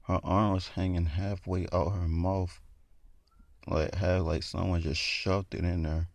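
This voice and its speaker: A man's voice: low-pitched, level tone, measured pace, dry recording. A man telling a horror story in a casual, rambling way, full of fillers.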